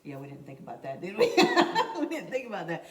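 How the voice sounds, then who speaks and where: A woman in casual chat, an animated storyteller who laughs often and repeats her points. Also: mid-range voice, fairly quick, far from the mic. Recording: echoey room, voice from off mic.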